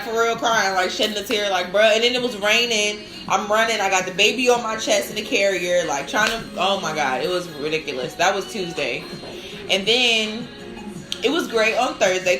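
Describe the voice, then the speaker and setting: A woman's voice: medium pitch, pushed and bright, roomy sound, poor audio. A woman hosting a casual live stream, telling chatty stories full of "like" and bursts of laughter. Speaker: live-stream host and new lactation counselor.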